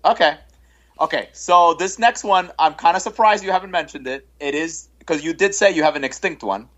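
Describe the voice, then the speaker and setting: A man's voice: fairly high pitch, normal speed, a bit bright, highs cut off. A man co-hosting a podcast in casual chat, eager and agreeable, often repeating himself. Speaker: podcast co-host.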